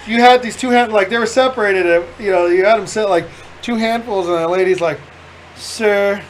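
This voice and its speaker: A man with a notably high voice hosts a casual podcast, telling a rowdy story with lots of swearing and laughter. His delivery is animated and loose, like chatting with friends. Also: a little hiss or hum, poor audio. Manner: animated, profane storyteller who laughs through the punchlines. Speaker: podcast host.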